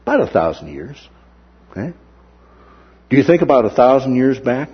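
A man's voice: medium pitch, normal speed, breathy edge, dull audio. A man preaching a sermon who acts out the words of the people in the story. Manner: animated, acts out the characters' words.

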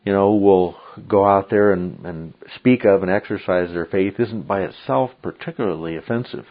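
A man's voice: deep voice, moderate pace. A man teaching a Bible study, emphatic and checking in with frequent "okay?"s. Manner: emphatic, repeats "okay?" often. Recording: dull lo-fi recording.

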